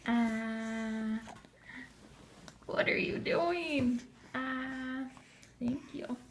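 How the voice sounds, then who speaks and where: A woman's voice: a little high, very slow, a little hiss or hum. A young woman at home feeding her baby, chatting to him in a playful, sing-song way on a home video. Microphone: camera filming nearby.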